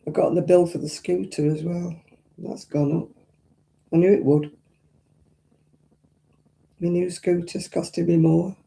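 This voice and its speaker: Gravelly, mellow woman chatting. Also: fairly low pitch, fairly even intonation, unhurried, long pauses. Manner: chatty, rambling, homely, yawns often. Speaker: craft live-stream host. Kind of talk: casual chat to live viewers while crocheting.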